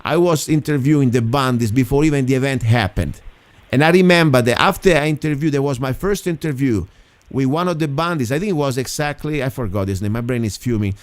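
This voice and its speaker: A man's voice: mid-range voice, fairly quick. A man hosting a small local show, talking in a frustrated, indignant rant. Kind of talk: heated talk-show monologue.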